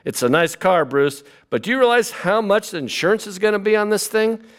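A man's voice: high-pitched, animated, a little fast, a bit bright, smooth, pitched above the performer's own voice. A man doing a nagging, exasperated mother. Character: exasperated scolding mother nagging her son. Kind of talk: comic impressions in a sermon.

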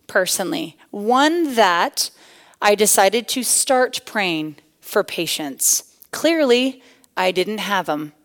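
A middle-aged woman with a medium-pitched voice delivers a personal testimony sermon as guest speaker at a women's church tea. She's animated and punchy, swinging between loud bursts and hushed asides.

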